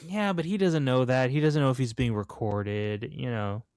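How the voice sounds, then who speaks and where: A man's voice: mid-range voice, normal speed, clear, resonant tone, no echo, clean studio sound. A young man co-hosting a casual podcast, asking questions and agreeing easily as he discusses a film. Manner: relaxed, asks questions, agrees readily. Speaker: podcast co-host.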